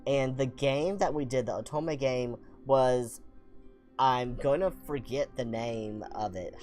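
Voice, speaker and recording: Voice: medium pitch, animated, unhurried, darkish tone, faint music behind. A young adult streamer from the American South with a Southern accent, telling a rambling, self-deprecating story and reading game text aloud in a casual let's-play. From Southern United States.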